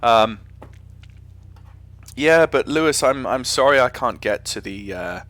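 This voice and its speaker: A man's voice: mid-range voice, animated, a little slow, a bit bright, dry recording. Man, English accent, casual live-stream chatter, rambling, restarts his sentences, mid-range voice. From England. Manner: chatty, rambling, frequent self-corrections. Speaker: flight sim streamer.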